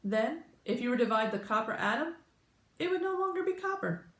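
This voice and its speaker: Woman doing a brisk lecturing girl scientist. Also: high-pitched, big pitch swings, voice pushed up. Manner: lecturing, crisp, impatient. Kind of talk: storybook read-aloud. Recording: roomy echo.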